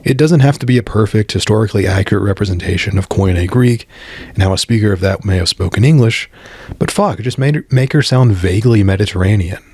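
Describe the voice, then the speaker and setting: Blunt, husky American man commenting. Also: fairly low pitch, fast talker, a little mellow. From United States. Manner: blunt, opinionated, swears freely. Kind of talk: scripted commentary monologue.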